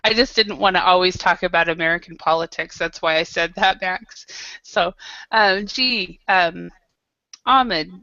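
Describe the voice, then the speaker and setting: A woman's voice: lowish voice, a little slow, bright, forceful tone, no echo. A woman teaching an online English class, patiently modelling pronunciation over a video call. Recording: dull lo-fi video call audio.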